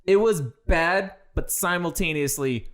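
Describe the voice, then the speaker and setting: A man's voice: high voice, unhurried, a bit bright. Blunt, swearing man ranting a film review. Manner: blunt, exasperated, swears freely. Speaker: movie review co-host. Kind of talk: casual movie review chat.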